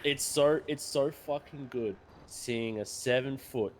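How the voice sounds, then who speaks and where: A man's voice: medium pitch, slow, a little hiss or hum. A man bantering crudely in character during a game roleplay, mock-aggressive and joking. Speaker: roleplay player. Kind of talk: casual in-character game chat.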